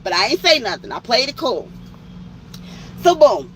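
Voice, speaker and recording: A woman with a fairly high voice swings her pitch all over as she tells an uncensored story. She talks with blunt, profane energy and slips into other people's voices to act out what they said. A faint hum of noise sits behind her. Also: moderate pace. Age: older than 30. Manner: animated, profane, acts out quoted voices. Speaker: truck driver telling a story.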